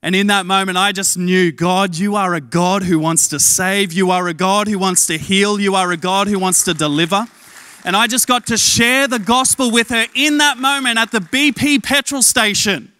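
A young adult man with an Australian accent preaching an energetic sermon, telling a story and acting out quoted lines in a lowered voice. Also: normal speed, smooth, no room sound, clean studio sound. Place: church stage.

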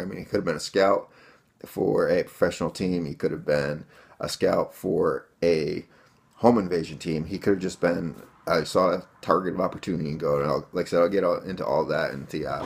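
Deep gravelly man, rambling casual storyteller. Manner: rambling, many fillers, addresses viewers as guys. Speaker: vlogger telling a home defense story.

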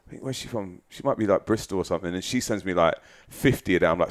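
A man's voice: sits low, fast. A man in his thirties from the United Kingdom, chatting candidly as a podcast guest, self-mocking and swearing freely. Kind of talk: casual chat.

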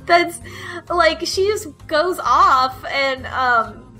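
Bright-voiced woman rambling in casual chat. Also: high-pitched, lively intonation, drawn-out words, faint music behind. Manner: hesitant, many fillers and giggles. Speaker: book club panelist.

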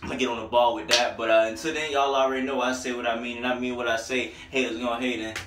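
A young man giving an excitable, emotional album review vlog, breaking into sung snippets. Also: medium pitch, quick pace, noisy background. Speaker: music reviewer. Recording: echoey room, distant from the mic.

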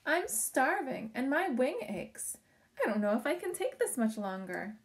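A woman's voice: high voice, sing-song, unhurried, pitched above the performer's own voice, heavily acted. A small, worn-out male cricket with an aching wing, whining and grumbling in a raised, strained voice, as a woman reading the story puts him on. He sounds cranky and fed up, a storybook creature at the end of his rope. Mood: distressed. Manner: whiny, frustrated.

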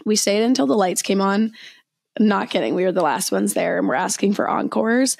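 A young woman co-hosts a podcast, telling a story in casual chat with a medium-pitched, gravelly, darkish voice at a moderate pace. She's a chatty storyteller who often corrects herself mid-sentence, making many self-corrections and restarts. The recording is dry and clean, studio quality.

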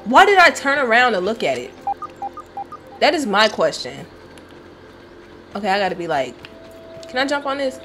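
A woman's voice: on the high side, big pitch swings, normal speed, long pauses, a bit bright, soft background music. A woman streaming gameplay, talking casually, swearing and yelping when startled. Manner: jumpy, swears and yelps in fright. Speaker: gaming streamer.

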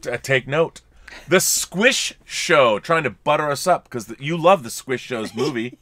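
A man co-hosts a casual film chat from a home studio full of collectibles, joking around and reading viewers' super chats aloud. His voice is medium in pitch, a bit bright, and a little slow.

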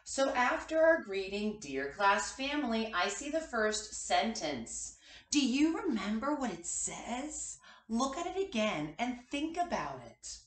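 A woman leads a kindergarten morning meeting at a slow, careful pace. Her pitch rises and falls in a lively, sing-song way as she encourages small children. The recording carries a noticeable room echo. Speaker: kindergarten teacher.

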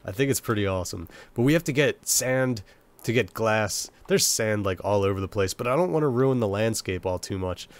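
A man's voice: lowish voice, expressive, a little fast. A young man with a cold, sounding nasal and sniffly, rambling and joking at himself while commenting on his gameplay. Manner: rambling, self-mocking chatter to himself. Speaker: let's play gamer.

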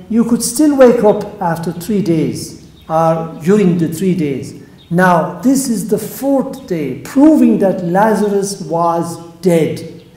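Priest delivering a sermon; unhurried, soft trailing phrase ends, warm low timbre, roomy echo. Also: male voice.

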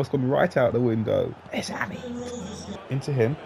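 A man giving live, sweary commentary on his own football video game, jumping between excited shouts and flat grumbling. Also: medium pitch, moderate pace, vocal fry, pauses often, soft background music. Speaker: gaming YouTuber.

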